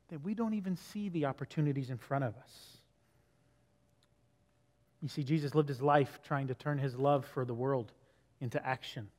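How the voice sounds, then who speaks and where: A man's voice: on the high side, big-room sound. A male pastor giving a sermon in a church, talking in a conversational way and asking the congregation questions. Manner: conversational preaching, asks the listeners questions. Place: church sanctuary.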